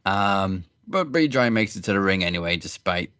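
A low-voiced man in a casual wrestling chat, easygoing and a little hesitant, filling his pauses with "um". The sound is close and dry. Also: expressive, fairly bright tone, no echo. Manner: laid-back, hesitant, lots of "um". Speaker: wrestling podcast co-host.

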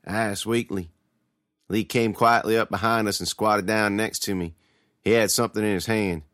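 A man's voice: fairly low pitch, fairly even intonation, fairly quick, fairly bright tone, no echo, clean studio sound. A man giving a dramatic first-person reading of a scripted horror tale. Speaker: storyteller.

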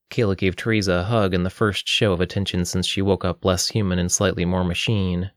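A man narrating an audiobook in a steady, even storytelling manner. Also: low voice, fairly quick, hardly any pauses, dry recording, clean studio sound.

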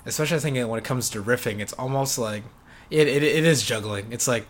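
A male podcast host with a mid-range voice who keeps the chat relaxed. He agrees readily, muses aloud in loose, searching sentences and throws in frequent short acknowledgments. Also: medium pitch, fairly quick, slight background noise. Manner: easygoing, agreeable, frequent backchannel yeahs. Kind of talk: casual podcast interview.

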